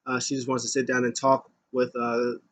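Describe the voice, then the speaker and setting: A man's voice: mid-range voice, completely flat delivery. A young man casually recapping a wrestling show, rambling with lots of fillers. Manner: rambling, many fillers, paraphrases with quick voices.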